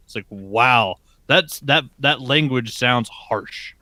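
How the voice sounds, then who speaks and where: A man's voice: mid-range voice, takes it slowly, pushed and bright, no room sound. A man co-hosting a geek podcast, telling an anecdote with casual cursing. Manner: storytelling with profane emphasis. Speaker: podcast co-host. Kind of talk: casual chat.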